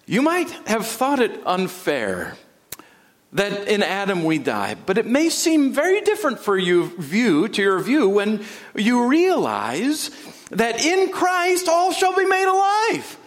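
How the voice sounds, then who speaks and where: A man preaching a sermon in a church sanctuary, dramatic, with sudden drops to a hush and rising emphasis. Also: sits high, wildly swooping pitch, slow. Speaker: pastor.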